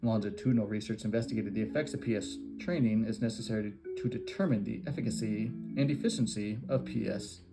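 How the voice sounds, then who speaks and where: A man reading an academic research paper aloud in a steady, measured way, with small slips and restarts. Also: fairly low pitch, gravelly. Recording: guitar music playing behind the voice.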